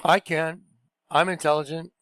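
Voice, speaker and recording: A man's voice: on the high side, little pitch movement, moderate pace, fairly bright tone, slight background noise. A man commenting on video clips in a casual, emphatic and scornful way.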